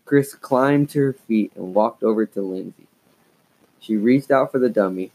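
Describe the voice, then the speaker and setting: Husky, expressive male storyteller. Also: lowish voice, normal speed, low-quality recording. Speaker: narrator. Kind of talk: audiobook reading of a children's story.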